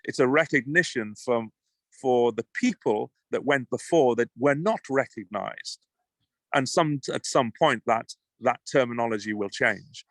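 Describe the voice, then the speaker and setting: A man's voice: medium pitch, unhurried, no echo. A British man speaks as an interview guest, passionate and emphatic. He often trips over the start of a sentence before pressing his point. The recording is dry, with no room sound. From United Kingdom. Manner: emphatic, passionate, repeats words when starting. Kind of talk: conversational interview.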